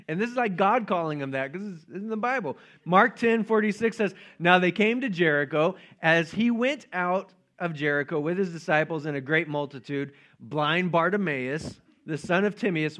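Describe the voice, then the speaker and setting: A man's voice: fairly high pitch, moderate pace, a bit bright. A man preaching a casual, joking sermon and acting out the voices of Bible figures. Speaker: pastor.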